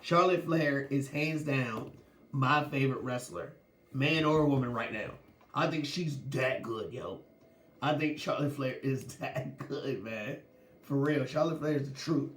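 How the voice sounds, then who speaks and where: A man's voice: on the high side, roomy sound. A man hosting a sports podcast, talking casually with lots of slang and laughing as he goes. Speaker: podcast host.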